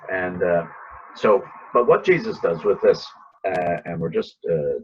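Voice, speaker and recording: A man's voice: low-pitched, expressive, unhurried, slight background noise. A man giving informal Bible teaching in a conversational way, often acting out the lines he quotes. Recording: dull lo-fi recording.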